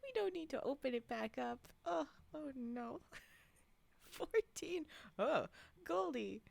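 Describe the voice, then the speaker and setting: A woman's voice: sits high, expressive, slow pace, creaky, dry recording. A young woman streamer chatting with her live chat, giggling and sleepy, reacting in exasperated disbelief. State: yawning, sleepy. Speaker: streamer reading stories to chat.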